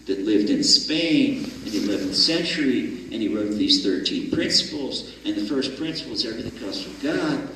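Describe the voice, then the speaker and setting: Animated male rabbi telling a story. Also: fairly low pitch, moderate pace, a little hiss or hum. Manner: animated storyteller acting out voices. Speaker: rabbi lecturing. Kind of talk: storytelling sermon. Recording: echoey hall, mic far off.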